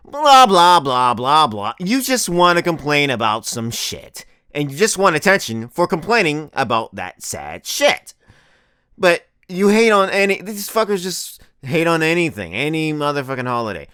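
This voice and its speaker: Animated young man ranting crudely. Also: on the high side, moderate pace, no echo, clean studio sound. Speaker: comedy vlogger. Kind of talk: profane comedic rant.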